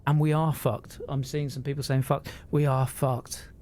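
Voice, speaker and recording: A man talks to his live-stream viewers earnestly and emotionally, rambling, swearing freely, and often restarting his sentences. His medium-pitched voice is level and darkish, at normal speed, with slight background noise.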